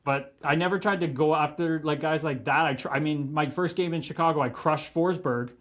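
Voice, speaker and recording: With a fairly high-pitched voice and brisk delivery, an ex-pro hockey player guesting on a laid-back podcast spins lively stories laced with profanity.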